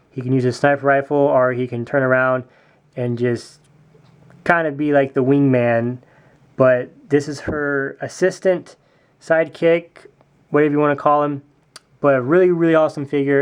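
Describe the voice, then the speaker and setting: A man's voice: medium pitch, clean tone. A man casually reviewing a custom toy build, speaking with enthusiasm and often repeating his words of praise. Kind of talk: casual product review video.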